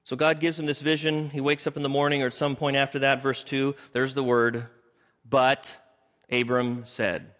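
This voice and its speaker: A man preaching a sermon as pastor, animated and acting out the people in his story with shifting voices. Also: mid-range voice, fairly quick, hardly any pauses. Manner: animated, acts out biblical characters in shifting voices. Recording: long hall reverb.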